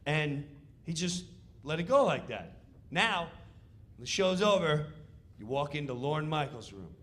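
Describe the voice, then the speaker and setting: Animated, bright-voiced male comic storyteller. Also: on the high side, a little slow. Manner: animated, bursts of shouting. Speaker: comedian. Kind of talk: stand-up storytelling.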